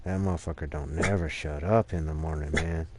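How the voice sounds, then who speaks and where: During a game stream at home, with dogs barking nearby, a man rambles casually to his viewers, swearing freely about his sore right arm as he stretches and talks to both chat and his dogs. His voice is a rumbling low with fairly even intonation, a little fast, and the recording is very noisy.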